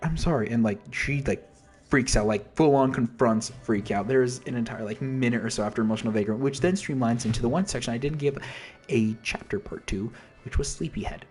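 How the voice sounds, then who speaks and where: A man's voice: mid-range voice, fairly quick, darkish tone, husky, soft background music. A man casually explaining an album's story in a rambling, self-interrupting way, with mild slang. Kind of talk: casual commentary.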